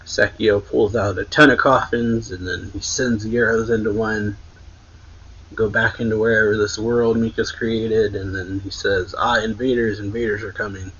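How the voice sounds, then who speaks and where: A man's voice: on the low side, little pitch movement, unhurried, a bit bright, dull audio, slight background noise. A man casually recapping a manga chapter, narrating the scenes and reading characters' lines aloud in a slightly raised voice. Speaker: manga reviewer.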